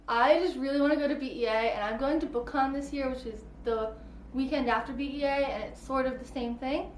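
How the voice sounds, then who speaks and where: High-voiced gushing woman book vlogger. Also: brisk. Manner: gushing, peppered with "like" and "I really liked". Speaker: book reviewer. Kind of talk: casual book review vlog. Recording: echoey room.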